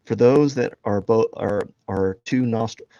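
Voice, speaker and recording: A streaming artist chats casually during a live drawing stream, rambling, joking, laughing a lot and poking fun at himself. His lowish voice is slow and dark in tone, with the highs cut off, and he uses headphones and a desk mic.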